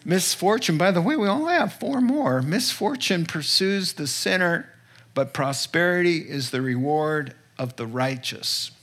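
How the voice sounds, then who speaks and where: A man's voice: on the high side, lively intonation, unhurried, fairly bright tone. A man preaching a conversational sermon from Proverbs, candid and often checking in with his listeners. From northeastern United States. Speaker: pastor.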